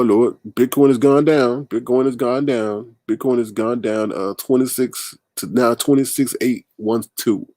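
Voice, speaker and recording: Casting note: man, livestream host, mid pitch, dry close sound, emphatic and animated, reacts to chat. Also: gravelly, no echo. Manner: animated, emphatic, talks back to chat comments. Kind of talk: casual livestream commentary.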